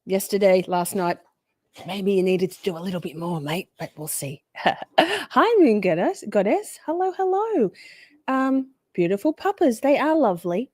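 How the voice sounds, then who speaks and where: A woman's voice: mid-range voice, big pitch swings, moderate pace, a little mellow, no echo, studio quality. A woman hosting a live stream, chatting casually, greeting viewers by name with a bubbly, sweary manner. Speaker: livestream host.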